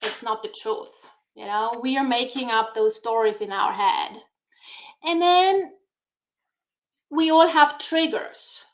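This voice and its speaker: A woman guest on a talk show, speaking in a deliberate, encouraging way over a video call. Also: fairly high pitch. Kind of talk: motivational talk-show chat.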